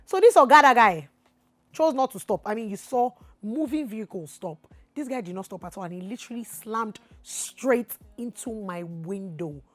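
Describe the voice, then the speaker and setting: A woman with a Nigerian accent telling a storytime vlog, swinging from low asides to loud outbursts. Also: animated, moderate pace, no room sound. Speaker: vlogger.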